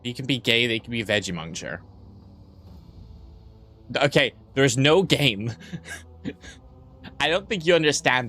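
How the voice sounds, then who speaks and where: A man's voice: mid-range voice, expressive, takes it slowly, long pauses, bright, forceful tone, slight background noise. A young man streaming live, joking crudely and rambling as he reads and answers his chat.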